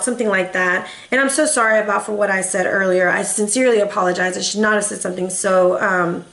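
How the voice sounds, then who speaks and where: A woman's voice: medium pitch, quick pace, few pauses, a bit bright. A woman in her thirties giving a casual, chatty tarot reading, emotional and full of rambling asides. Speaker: tarot reader. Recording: echoey room.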